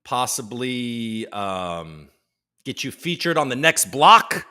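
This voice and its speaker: A man hosting a casual livestream chat, energetic and joking, swearing freely as he greets chatters by name. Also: medium pitch, takes it slowly, clear, resonant tone. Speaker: livestream host.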